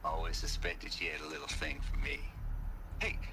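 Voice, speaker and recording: An actor voicing a laid-back, smooth-talking Southern fugitive in a video game, with a Southern US drawl and folksy phrasing. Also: male voice, very deep voice, lively intonation, normal speed, noisy background. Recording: game audio with music behind.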